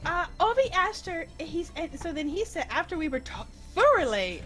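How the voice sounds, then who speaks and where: A woman with a high voice tells a long story to friends during a game stream. She talks in an animated, giggly way, her pitch swinging widely, with frequent restarts as she rushes ahead. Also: music in the background. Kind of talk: casual storytelling chat during gameplay.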